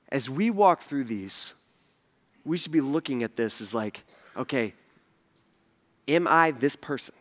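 A man preaching a sermon as pastor, casual and emphatic, with lively asides to the congregation. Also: medium pitch, measured pace, pauses often.

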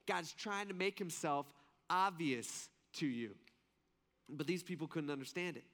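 A man's voice: a little high, moderate pace, a bit bright. A man preaching a sermon in a loose, conversational way, asking his listeners questions and restarting his sentences. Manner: conversational, questioning the audience, frequent fillers and restarts. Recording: long hall reverb.

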